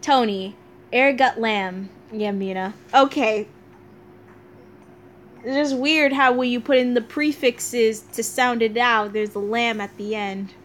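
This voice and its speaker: A woman's voice: a little high, fairly even intonation, slow, a little hiss or hum. A young woman hosting a casual game playthrough, chatting and laughing at herself as she reads along. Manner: giggly, chatty, self-mocking. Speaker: gaming channel host. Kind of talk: casual let's play commentary and dialogue reading.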